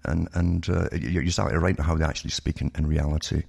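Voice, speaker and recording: Deep, gravelly older man. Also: fairly even intonation, quick pace, a little mellow. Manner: knowing, matter-of-fact storytelling. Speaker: radio guest. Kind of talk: conversational radio interview.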